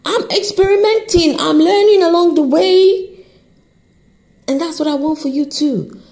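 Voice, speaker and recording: A woman hosting her own podcast, giving an unscripted motivational talk straight to the listener, encouraging and animated, with an accent that shifts as she talks. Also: very high-pitched, a little slow. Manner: accent shifts while talking. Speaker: podcast host.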